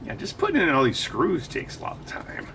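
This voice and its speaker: A man's voice: a little high, wildly swooping pitch, a little fast, creaky, sharp tone, far from the mic, slight background noise. Self-mocking man chatting while he builds. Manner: self-mocking, joking, trying impressions. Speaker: host. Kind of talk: casual livestream chat while building.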